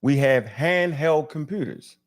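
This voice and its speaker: A man's voice: a little high, expressive, unhurried. A man on a panel, speaking in a dismissive, slangy way while he argues. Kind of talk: heated online debate.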